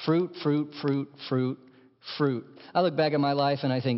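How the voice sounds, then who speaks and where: A man preaching a sermon as pastor, impassioned, dropping to hushed lines and rising to emphatic ones. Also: a little high, steady tone, normal speed. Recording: dull sound in a large reverberant hall.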